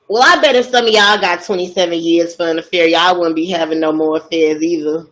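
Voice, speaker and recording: A woman host telling a story in a casual, gossipy way, chatty and expressive, asking many rhetorical questions. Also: lowish voice, a little fast, hardly any pauses, low-quality recording.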